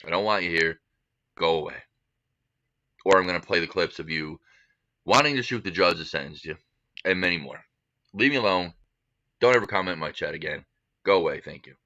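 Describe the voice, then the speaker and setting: A ranting, lively-voiced man. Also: low-pitched, no echo, lo-fi sound. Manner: angry, profane, repetitive ranting. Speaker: livestreamer. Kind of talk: ranting livestream clip.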